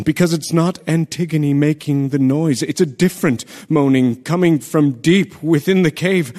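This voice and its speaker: A man's voice: on the high side, darkish tone, close to an everyday voice. A man voicing a messenger who vividly recounts a tragedy in a radio drama. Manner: vivid storytelling. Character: urgent male messenger telling of tragedy.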